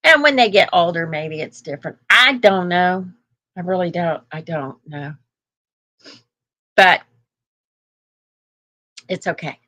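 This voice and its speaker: A woman's voice: on the low side, slow, long pauses, bright, forceful tone. An older woman hosting a casual live chat, rambling through stories and laughing often. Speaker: host.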